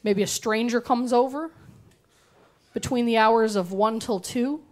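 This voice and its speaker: On a comedy club stage, a young woman performs a bawdy, sarcastic stand-up set into a handheld mic. Her voice sits on the high side and her pace is measured as she tells animated stories.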